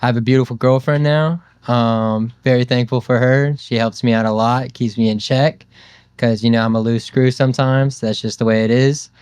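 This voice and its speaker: Smooth-voiced young man, rambling. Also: medium pitch, fairly even intonation, moderate pace, darkish tone, no echo. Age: 20s. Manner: rambling, loose, lots of fillers and "dude". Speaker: podcast guest. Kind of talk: casual storytelling chat.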